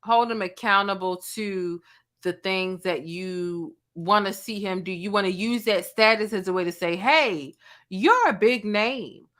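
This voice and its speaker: A woman's voice: mid-range voice, fairly even intonation, normal speed, fairly bright tone. A woman blogger giving sassy, slangy commentary, breaking down a celebrity feud and mimicking the people she quotes. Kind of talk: commentary vlog.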